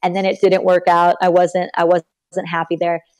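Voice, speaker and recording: A young woman from Texas, a podcast guest, telling stories casually and acting out the people she quotes. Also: moderate pace. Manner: animated, acts out quoted people with big pitch jumps. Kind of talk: casual storytelling in an interview.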